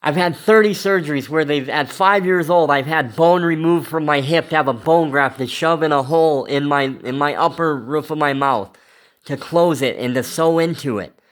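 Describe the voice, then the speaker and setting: Man, vlogger, raw confessional monologue; rambling, profane, emotional, a touch higher voice than most men. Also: moderate pace.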